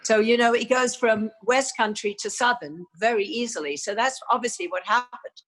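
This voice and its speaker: A woman's voice: fairly high pitch, moderate pace, a bit bright. An older woman with an English accent, a guest actress telling stories in an interview, with many "you know"s and small restarts. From England. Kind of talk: reflective interview talk.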